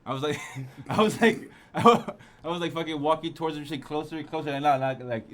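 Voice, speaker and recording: Quick-talking young man joking with friends. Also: fairly high pitch, fairly bright tone. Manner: profane, joking, acts out quotes. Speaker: podcast co-host. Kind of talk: casual chat among friends.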